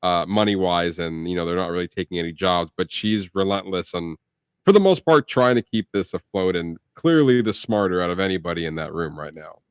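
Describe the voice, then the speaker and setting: On a film review podcast, this young co-host rambles casually, full of "like," fillers and restarts. He has a low, clean-toned voice and speaks in a brisk, animated way. The recording is dry and studio-clean.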